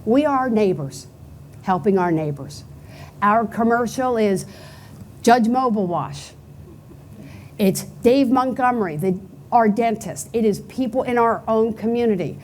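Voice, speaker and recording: A woman's voice: on the high side, unhurried, pauses often, a little mellow. Middle-aged pennsylvania lady winging her award speech at a banquet, chatty, podium mic, a little hall hum behind. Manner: chatty storytelling, acts out quotes. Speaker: award honoree giving acceptance speech. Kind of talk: unscripted acceptance speech.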